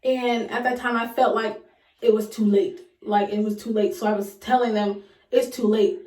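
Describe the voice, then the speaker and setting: A young woman vlogger, casually retelling a personal story with dramatic, loud acted quotes. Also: a little high, fairly even intonation, moderate pace. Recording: echoey room, voice a bit far from mic.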